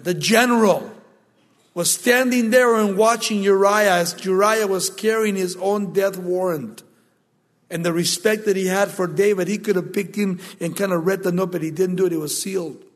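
High-voiced preacher in a reverberant hall. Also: male voice, normal speed, fairly bright tone. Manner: dramatic storytelling, emphatic. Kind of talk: sermon.

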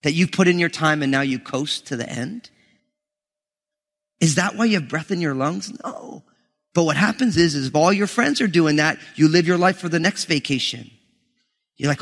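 A man's voice: on the high side, normal speed, vocal fry, pauses often, fairly bright tone. A man in his thirties preaching a sermon as a pastor, emphatic and joking with the congregation. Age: 30s. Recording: long hall reverb.

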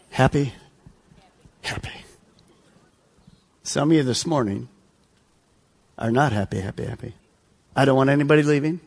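A man's voice: medium pitch, husky. A man, a pastor, preaching a sermon with rhetorical questions and earnest appeals. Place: church sanctuary.

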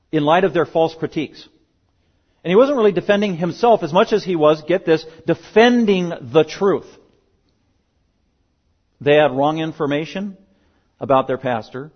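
A fairly high-voiced man preaching from the pulpit, pressing his points with insistent repetition. The recording sounds dull and muffled. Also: husky. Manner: emphatic, repeats key words for stress. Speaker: pastor. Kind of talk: sermon.

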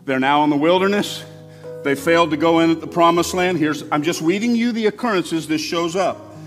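A male pastor with a high voice preaches in a church sanctuary, his words ringing with long hall reverb. He shifts between forceful emphasis and hushed, intimate asides. Faint instrumental music sits low behind him. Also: fairly quick. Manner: conversational preaching, swings from loud emphasis to soft asides. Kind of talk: sermon.

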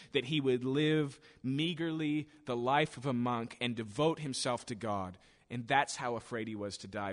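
A man delivers a sermon as a story, acting out the voices of the people he quotes. His voice sits at an ordinary pitch, and it carries a long reverb from a large church hall. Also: fairly bright tone. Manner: storytelling, acts out quoted voices with rising intensity. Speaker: preacher.

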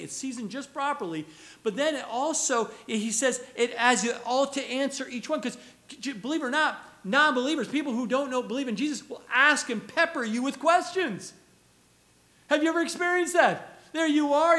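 A man's voice: very high voice, sharp tone. A man preaching a conversational sermon, earnest and putting rhetorical questions to his listeners.

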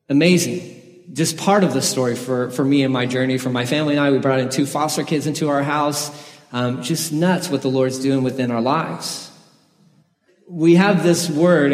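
A man's voice: on the high side, darkish tone. A man preaching a sermon, telling his own conversion story in an earnest, personal way with the odd laugh. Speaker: pastor. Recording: echoey hall.

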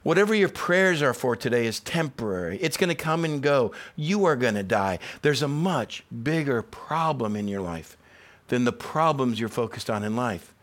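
A man's voice: medium pitch, expressive, moderate pace, a bit bright. Impassioned male pastor preaching. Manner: preaches with rising intensity, repetitive emphasis; dramatizes quoted voices in conversational asides. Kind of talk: sermon.

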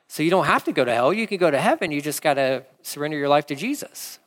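Animated male pastor in a reverberant hall. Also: fairly high pitch, quick pace. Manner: conversational, animated preaching with asides. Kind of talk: sermon.

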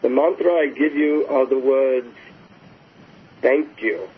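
A man doing a serene old male Indian guru with an Indian accent, slow and solemn, as he retells a story. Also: medium pitch, slightly rough. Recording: phone-like line with faint hiss.

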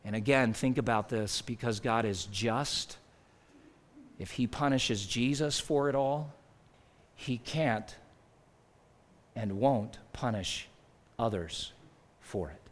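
A man preaching a sermon in a conversational way, rising to loud emphasis and dropping to near-quiet asides. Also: medium pitch, takes it slowly, pauses often. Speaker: pastor.

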